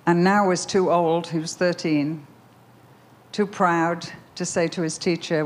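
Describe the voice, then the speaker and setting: An older woman giving a Christian talk, telling a personal story in an animated, emphatic way full of questions. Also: lowish voice, a little slow. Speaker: Christian speaker.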